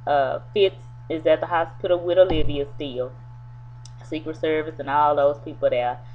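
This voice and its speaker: A woman casually retelling a TV episode in a loose, rambling way, full of fillers. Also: low voice. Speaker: TV episode reviewer. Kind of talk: casual spoken episode recap. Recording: tinny phone-like sound with faint hum.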